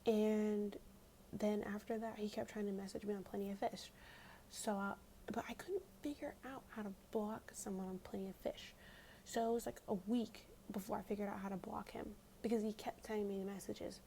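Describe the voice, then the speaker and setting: A woman's voice: medium pitch, fairly even intonation, normal speed, vocal fry, warm tone, slight background noise. A young woman telling a story in whispered ASMR storytime, chatty and full of fillers, close to the mic at home. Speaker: ASMR creator.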